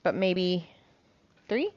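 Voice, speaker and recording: A woman's voice: lowish voice, very animated, very slow, darkish tone, dry recording. A woman chatting casually as she cooks, rambling with lots of ums and casual swearing. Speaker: cooking vlogger. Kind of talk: casual chat while cooking. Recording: dull lo-fi sound.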